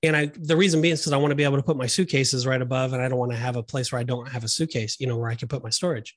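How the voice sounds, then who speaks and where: A middle-aged man co-hosts a Christian discipleship podcast, sharing personal stories in an earnest, conversational way and restarting often. His voice is medium in pitch and steady, but he speaks very fast.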